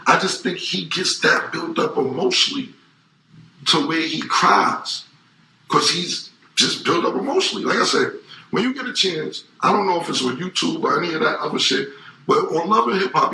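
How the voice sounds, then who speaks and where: A man in his forties, a guest in a casual interview, talks emphatically and repetitively in a profane street style. His voice is a little high and creaky with a sharp tone and a slight hiss or hum, and the recording has a roomy echo.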